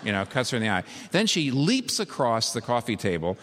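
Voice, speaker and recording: Male preacher, mid-pitched voice, emphatic storyteller, long hall reverb. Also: very animated, fairly quick, fairly bright tone. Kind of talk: sermon.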